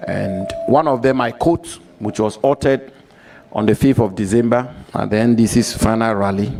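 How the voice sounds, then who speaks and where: Man, committee member, formal questioning, measured, repeats points for emphasis, hearing room. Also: fairly low pitch, creaky, a little mellow, low-quality recording.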